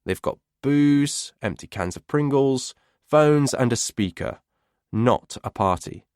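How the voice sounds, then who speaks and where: A man reading a thriller audiobook in the first person, measured and a little wry. His voice sits at an ordinary middle pitch. The close studio recording is dry, with no room sound. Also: expressive, a little mellow, clear, resonant tone, dry recording. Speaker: audiobook narrator.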